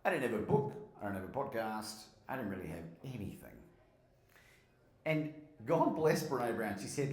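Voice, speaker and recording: An Australian man from Melbourne, a motivational speaker and podcast host, gives an animated live keynote and tells stories while asking the audience questions. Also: lowish voice, fairly quick. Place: conference hall with a live audience. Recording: roomy hall sound.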